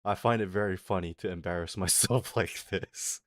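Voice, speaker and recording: In a clean, dry studio recording, a low-pitched man speaks at a moderate pace during a live stream. He answers viewers' comments with crude banter and self-mockery, laughing frequently along the way.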